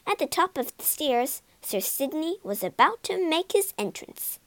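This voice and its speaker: A woman narrating a children's storybook for learners, expressive and clear. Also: high-pitched, a little slow, dry recording.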